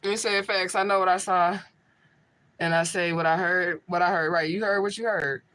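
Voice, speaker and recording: A woman's voice: on the low side, steady tone, moderate pace, fairly bright tone, low-quality recording. A woman working as a spiritual medium, hosting a casual livestream and answering viewers' chat in a blunt, profane way.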